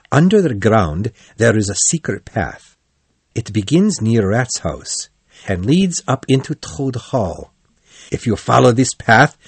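A man's voice: mid-range voice, no echo, heavily acted. A man reading the part of a stern, serious old badger in a children's storybook. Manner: gruff scolding then kind.

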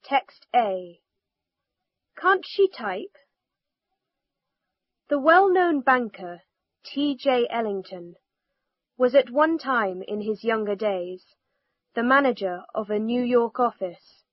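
A woman reads a textbook story for language learners, each word carefully enunciated and livened up where the dialogue comes in. Her voice sits a little high and moves at a deliberately slow pace. The recording is dry and slightly dull. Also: no room sound. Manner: careful, clearly enunciated, lively for quoted dialogue. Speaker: reader of a language lesson text.

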